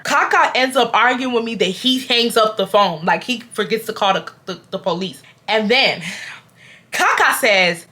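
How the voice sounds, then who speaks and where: A woman in her twenties from Houston, Texas, telling a storytime to her viewers in an animated, casual way and acting out loud quotes. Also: fairly high pitch, moderate pace. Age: 20s. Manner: addresses viewers as y'all. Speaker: storytime vlogger.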